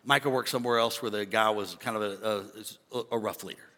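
A man preaching a sermon as a pastor, animated and conversational, joking with the crowd from the stage. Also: on the low side, brisk, big-room sound. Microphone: stage microphone.

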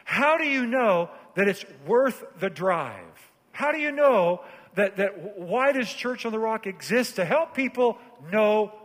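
High-voiced preaching pastor in a reverberant hall. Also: male voice. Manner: preaching with big swings from hushed low phrases to shouted climaxes. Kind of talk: sermon. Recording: long church hall reverb.

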